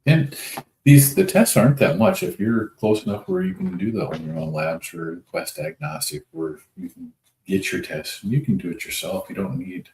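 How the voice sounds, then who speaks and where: Low-voiced folksy man. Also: big pitch swings, moderate pace, gravelly, a little mellow. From North Dakota. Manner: easygoing, rambling, folksy. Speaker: livestream host. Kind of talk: casual livestream chat reading comments. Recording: echoey room with faint noise.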